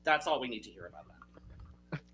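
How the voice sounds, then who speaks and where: A man's voice: medium pitch, lively intonation, fast, bright, forceful tone, breathy edge, soft background music, rough recording. A man hosting a podcast in a casual, playful chat with many fillers. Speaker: podcast host.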